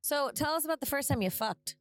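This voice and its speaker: A woman with a fairly high voice trades blunt, deadpan jabs with her friends in a moving car. Her wisecracks come flat and sure. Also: quick pace. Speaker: comedian guest. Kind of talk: casual chat on a road trip.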